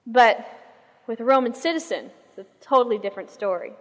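A woman pastor telling a story in a sermon, in a lively conversational way, asking the listeners questions. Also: a little high, fairly quick, long reverb tail.

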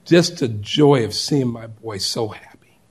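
Husky preacher man telling a story. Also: medium pitch, measured pace. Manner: acts out quoted voices, swings from loud to hushed. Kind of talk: sermon with storytelling.

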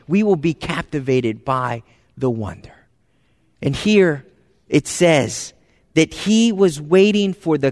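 A high-voiced man preaches a sermon as a pastor. His delivery is conversational and easy, and he drops to soft, hushed phrases for emphasis. His voice rings out in a long, reverberant church hall.

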